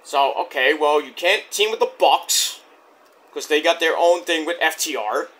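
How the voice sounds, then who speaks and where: In a voice that's a little high and fairly bright, at normal speed, a man loosely runs through a wrestling show. The profane play-by-play wanders, with lots of restarts as he retells each segment.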